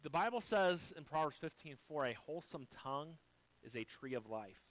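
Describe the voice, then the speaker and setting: A man delivering a sermon as a pastor, swinging between loud emphasis and soft, quiet lines while quoting scripture. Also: fairly high pitch, animated, normal speed, rough recording.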